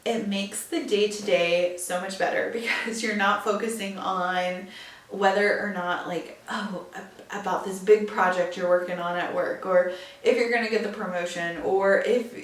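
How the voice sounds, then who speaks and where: A woman's voice: mid-range voice, fairly even intonation, moderate pace, distant mic. Brief: young female podcast host, chatty filler-heavy delivery, a bit off-mic in a roomy space. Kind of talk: casual solo podcast chat. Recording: echoey room, a bit off-mic.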